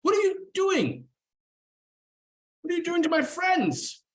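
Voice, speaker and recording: A man doing a frantic, shrill young elf guard. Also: wildly swooping pitch, slow, exaggerated voice. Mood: panicked.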